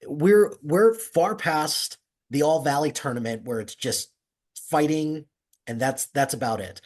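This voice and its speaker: A man hosting a casual podcast chat over an internet call, rambling and relaxed with many restarts. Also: on the high side, a little slow. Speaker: podcast host. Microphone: remote call over internet.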